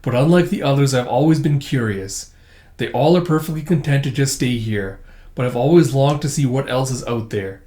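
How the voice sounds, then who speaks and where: A man's voice: medium pitch, normal speed, dark tone, natural voice. Prim male robot, formal, literal speech, voiced by a man, roomy echo. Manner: formal, stiff, overly literal.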